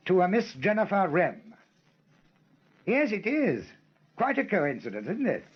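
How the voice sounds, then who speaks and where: An actor playing an eccentric older aristocratic lord, genial and teasing on the telephone. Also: male voice, high voice, huge pitch swings, unhurried, slightly rough, lo-fi sound, full character voice. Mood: genteel. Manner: plummy, teasing, genteel.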